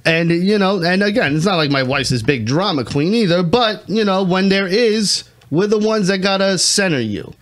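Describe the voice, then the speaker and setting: A man's voice: sits high, lively intonation, moderate pace, few pauses, fairly bright tone. A young man co-hosting a casual podcast, joking and giving strong opinions in a rambling way. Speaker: podcast co-host. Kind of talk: casual chat.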